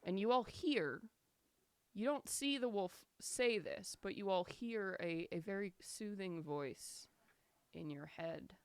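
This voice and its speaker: A woman narrating as the game master of a tabletop game, describing scenes in an unhurried way with fillers. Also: mid-range voice, clean tone, no echo.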